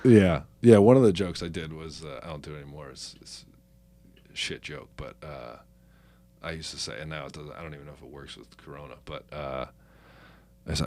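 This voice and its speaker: A man who is a stand-up comedian, chatting casually as a podcast guest, often mumbling and trailing off quietly. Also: rumbling low, a little fast, no room sound.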